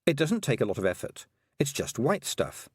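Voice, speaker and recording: A man voicing a thoughtful, sharp-minded young girl who muses slowly. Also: mid-range voice, very animated, slightly rough, no echo, studio quality. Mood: musing. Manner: musing, slow.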